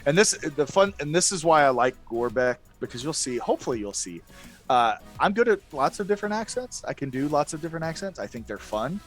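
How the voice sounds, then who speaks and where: A man's voice: on the high side, big pitch swings, a little fast, soft background music. A man chatting casually as a podcast guest, rambling and self-deprecating with many restarts. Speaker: guest player.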